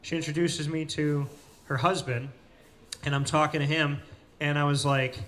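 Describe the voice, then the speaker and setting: Animated man telling stories. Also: a little high, normal speed. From Central New York. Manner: animated storyteller, acts out quoted people. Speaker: host. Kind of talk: casual interview storytelling. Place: cafe.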